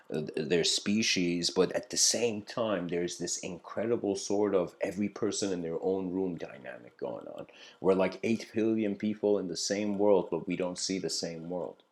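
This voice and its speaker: His voice here is deep with a darkish tone. The man delivers an off-the-cuff lecture mixing storytelling and reflection, loose and heavy on fillers, often saying "you know."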